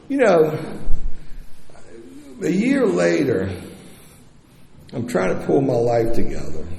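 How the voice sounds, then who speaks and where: A man's voice: medium pitch, gravelly, mellow. A middle-aged man at a recovery convention telling his personal story in a blunt, profane and candid way, speaking into a podium microphone. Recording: echoey hall with long reverb.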